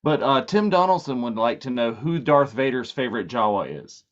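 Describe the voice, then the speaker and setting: A man co-host reading viewers' questions out loud in a relaxed stream. His voice rises and falls freely as he talks. The audio is dull and lo-fi. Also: medium pitch, normal speed. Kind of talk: casual live-stream chat.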